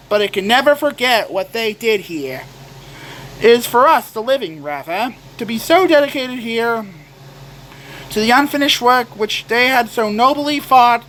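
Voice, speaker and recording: A young man doing a slow, solemn impression of President Lincoln reciting a speech, with halting restarts. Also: extremely high pitch, fairly bright tone, slight background noise, exaggerated voice, poor audio.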